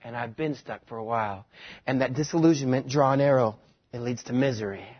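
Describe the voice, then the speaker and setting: A pastor from West Texas preaches a sermon, speaking briskly at medium pitch. He tells a self-mocking story about his own marriage, and the recording is dull and lo-fi.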